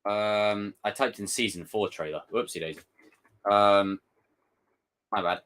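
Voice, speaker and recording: A man's voice: fairly low pitch, fairly even intonation, measured pace, pauses often, a bit bright. A young man giving casual, rambling live commentary, joking and swearing freely. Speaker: streamer reacting to a trailer.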